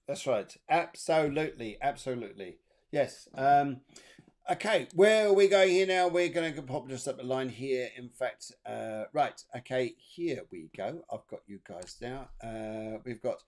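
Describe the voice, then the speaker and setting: A man's voice: animated, a little slow, a little mellow. A man hosting a live-streamed psychic reading show, chatty and upbeat as he passes on messages. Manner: chatty and upbeat, sings snatches of song in falsetto. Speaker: spiritual medium, co-host.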